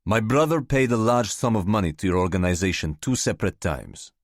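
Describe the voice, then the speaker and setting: A man voicing a gruff, indignant foreign businessman with a gravelly Czech accent and broken English, speaking slowly and sternly. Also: on the low side, animated, no room sound, studio quality. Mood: angry. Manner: slow, stern, lecturing.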